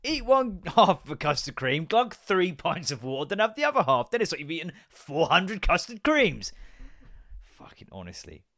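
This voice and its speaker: A man's voice: sits high, wildly swooping pitch, normal speed, sharp tone, no echo, clean studio sound. Sweary rambling podcast man. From England. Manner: sweary, rambling, self-mocking. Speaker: podcast host. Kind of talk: casual solo podcast rant.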